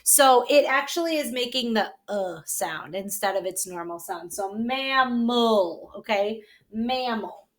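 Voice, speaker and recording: A woman teacher with a medium-pitched, animated voice gives a reading lesson to young children. She patiently sounds out words slowly, syllable by syllable, frequently checking in with "okay?".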